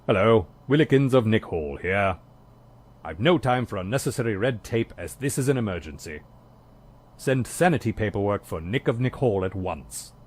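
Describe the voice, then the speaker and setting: A man voicing a prim, dry-witted male butler in a video game, speaking formally and deadpan. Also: fairly low pitch, normal speed.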